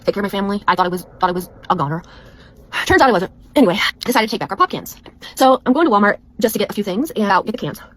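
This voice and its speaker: A woman's voice: medium pitch, lively intonation, rapid-fire. A middle-aged woman vlogger telling a rambling story in a chatty, exasperated way. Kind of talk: casual storytelling chat.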